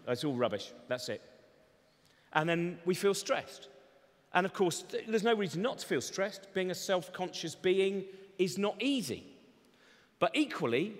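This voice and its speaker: A man doing a comedy talk on stage, rambling energetically with sardonic asides. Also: high voice. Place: large event hall. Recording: long reverb of a large hall.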